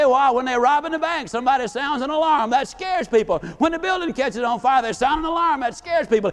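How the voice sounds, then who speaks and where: Man, high voice, folksy motivational speaker, animated storytelling. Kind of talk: live motivational speech.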